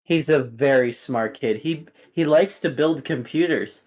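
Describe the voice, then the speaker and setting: A man's voice: medium pitch, a little slow, a little mellow. Rambling man running a tabletop game. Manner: rambling, filler-heavy. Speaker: game master.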